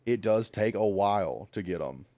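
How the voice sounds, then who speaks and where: A man's voice: fairly low pitch, animated, normal speed, mellow, no echo. A man with a Southern American accent, in his thirties, casually talking through a game on stream, rambling, joking about himself and chatting to the animals on screen. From Southern United States. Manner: rambling, self-mocking, chats to the game animals. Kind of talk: casual gameplay commentary.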